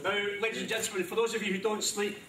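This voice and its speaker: A man's voice: high-pitched, level tone, quick pace, distant mic, heavy background noise. London man speaking in an echoey hall. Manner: genial, rambling, with many ums and asides. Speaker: government minister giving a speech. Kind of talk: formal speech at a press launch. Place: large echoey event hall.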